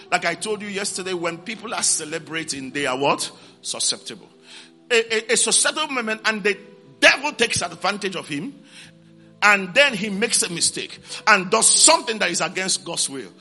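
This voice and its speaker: A man's voice: high voice, pushed and bright. A man preaching a sermon, repeating key words and calling out to his congregation for responses.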